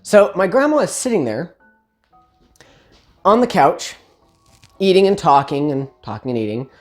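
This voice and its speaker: A woman's voice: lowish voice, moderate pace, faint music behind. Chatty woman telling a family story. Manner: chatty, self-correcting, lively asides. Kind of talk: casual personal storytelling.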